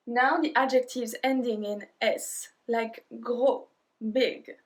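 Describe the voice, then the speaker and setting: French-accented female teacher, measured slow delivery, repeats each word for learners. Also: on the high side, steady tone. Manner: repeats words slowly and clearly, sometimes dropping to a whisper. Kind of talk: slow instructional language lesson.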